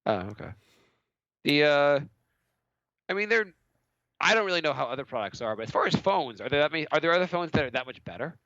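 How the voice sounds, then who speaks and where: A man's voice: a little high, animated, fast, long pauses, pushed and bright, no echo, highs cut off. A man in his thirties co-hosting a comedy podcast, talking casually, laughing often and acting out little quotes. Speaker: podcast co-host.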